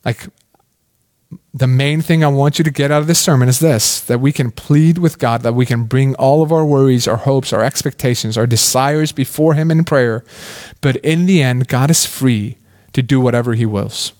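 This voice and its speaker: A man's voice: mid-range voice, moderate pace, a little mellow. A man preaching a sermon in a casual, conversational way, asking many questions and often saying "like". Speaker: pastor.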